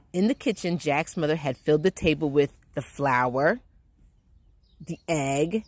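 Low-voiced woman reading a picture book. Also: slightly rough, no echo. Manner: gentle, slow, expressive storytelling. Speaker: children's read-aloud host. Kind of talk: picture book read-aloud.

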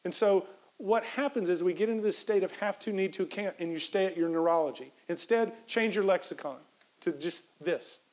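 Man, high voice, motivational keynote, energetic, repeats phrases for emphasis. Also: moderate pace, low-quality recording. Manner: coaches the audience through a breathing exercise. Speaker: professor giving a keynote talk.

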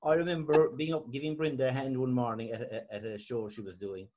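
A man's voice: medium pitch, steady tone, fairly quick, darkish tone. A man from Cork, a guest on a video call, telling a story with chuckles. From Cork, Ireland. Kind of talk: casual video call interview. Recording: dull lo-fi video call audio.

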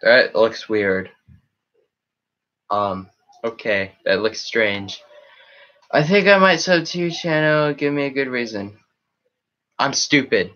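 A man's voice: medium pitch, animated, slow, long pauses, fairly bright tone, dull audio. A man chatting casually on a live stream, rambling as he reacts to chat comments. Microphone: webcam setup.

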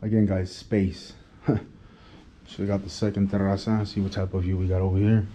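A man's voice: low-pitched, level tone, normal speed, background noise. Chatty man touring a hotel suite. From United States. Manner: chatty, filler-heavy, enthusiastic. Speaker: travel vlogger. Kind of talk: casual hotel tour vlog. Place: hotel suite, indoors and on a terrace.

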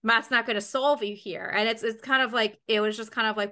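A woman's voice: a little high, steady tone, fairly quick, sharp tone. A woman in casual conversation, rambling and swearing freely as she acts out scenes in quoted dialogue. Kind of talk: casual chat.

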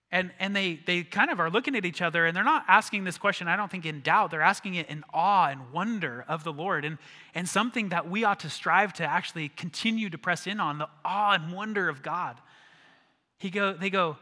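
A male pastor preaching a sermon, telling the story with animated acted-out voices and dropping to a hushed voice for emphasis. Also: high voice, normal speed. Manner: animated storytelling, acts out disciples, drops to a hush for emphasis. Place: church sanctuary. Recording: church hall reverb.

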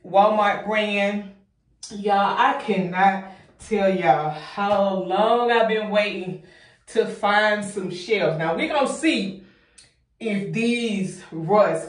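In a bathroom, a young woman who vlogs about home organization chats casually with her viewers, effusive and slightly breathless. Her medium-pitched voice sounds distant from the mic and echoes around the room.

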